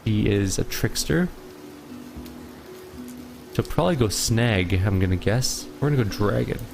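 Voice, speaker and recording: A man with a fairly low voice hosts a game playthrough, thinking aloud in an easy, casual way. His chuckles come and go, and game music plays clearly behind him. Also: animated, unhurried. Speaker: let's play host.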